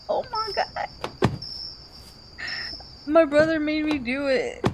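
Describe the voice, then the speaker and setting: A woman giving casual commentary on a horror game she is playing. She swings from quiet mutters to shrieks and laughs often. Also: high-pitched, sing-song, takes it slowly, noisy background. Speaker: gaming channel host.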